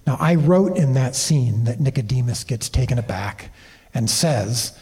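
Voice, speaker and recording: A man tells animated anecdotes as a guest on a convention stage, often restarting his sentences. His voice is mellow and a little husky. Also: medium pitch, normal speed. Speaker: TV series creator and director, interview guest. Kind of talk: storytelling interview on a convention stage.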